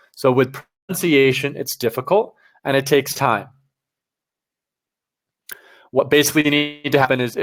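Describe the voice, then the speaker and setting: With a mid-range voice, a man teaches test preparation live on stream, energetic and direct as he talks straight to his viewers.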